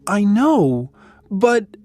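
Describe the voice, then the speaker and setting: An excited young woman friend, voiced by a woman reading a story aloud, eager and bright. Her voice rides noticeably higher than the narration and swings widely in pitch. The lines are spoken slowly and clearly for learners. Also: soft background music. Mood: pleading. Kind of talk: read-aloud story with acted dialogue.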